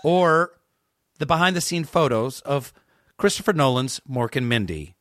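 A man's voice: mid-range voice, lively intonation, normal speed, fairly bright tone. A man chatting as a podcast guest, tossing out playful, absurd questions and riffs. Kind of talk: casual comedic chat.

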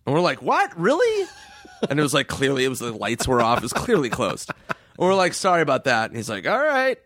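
A man's voice: mid-range voice, expressive, quick pace, a bit bright, no room sound, clean studio sound. A man, a comedian guest, telling stories in casual chat, acting out quoted voices and laughing as he swears.

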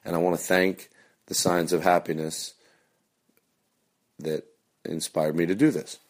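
Host, very low voice, casual and hushed delivery. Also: male voice, level tone, unhurried. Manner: hushed and soft at times. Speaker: podcast host. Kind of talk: casual chat recorded afterwards.

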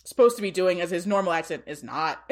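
A woman's voice: lowish voice, expressive, fairly quick. A woman in casual podcast chat who laughs often as she explains. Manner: laughing, chatty.

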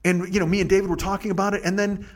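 A man with a high-pitched voice rants in casual podcast chat. He swears freely and runs himself down, jumping from loud emphatic bursts to low mumbles. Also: flat delivery, very fast. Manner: profane, rambling, self-deprecating rants. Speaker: podcast host.

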